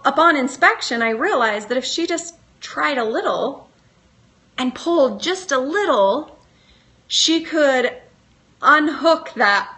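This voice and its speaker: A middle-aged woman with a high, bright voice gives a live motivational talk straight to her viewers. She coaches in an earnest way and keeps putting questions to them. Her tone stays clear and lifted. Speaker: motivational speaker.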